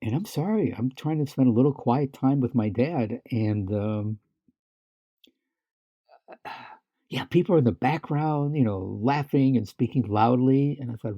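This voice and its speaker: A man's voice: medium pitch, a little slow, no echo, highs cut off. A man co-hosting a podcast, telling stories in casual chat with many restarts and fillers, laughing now and then. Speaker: podcast co-host.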